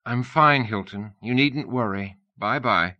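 A man's voice: medium pitch, unhurried, bright, forceful tone, dull audio. A man voicing a restless young woman with a blunt, dry, teasing manner. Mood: curt.

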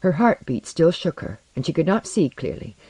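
An audiobook narrator reading fiction in a measured, deliberate storytelling manner. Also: mid-range voice, sing-song, warm tone, breathy edge, dry recording, poor audio.

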